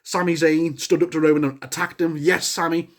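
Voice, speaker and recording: A young man giving a casual spoken review of a wrestling show, rambling with many restarts and breaking into excited shouts. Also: fairly high pitch, a little fast. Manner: excitable, bursts into shouts at big moments.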